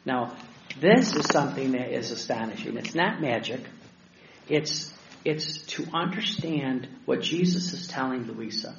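A male deacon delivers a sermon-style teaching talk with a gravelly edge, often stumbling over restarts and fillers as he tells his stories. The recording is roomy and echoey, slightly dull and lo-fi, with faint ambience behind him. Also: mid-range voice, expressive, a little hiss or hum. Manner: storytelling, halting with many restarts and fillers.

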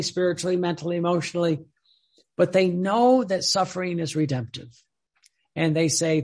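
A man's voice: on the high side, gravelly, slightly rough. A man preaching a sermon in an impassioned way, rising and falling for emphasis and repeating his words.

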